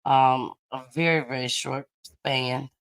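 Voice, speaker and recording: Low-voiced laughing woman host. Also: takes it slowly, clean tone. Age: middle-aged. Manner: laughs often, animated and teasing. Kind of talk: casual chat.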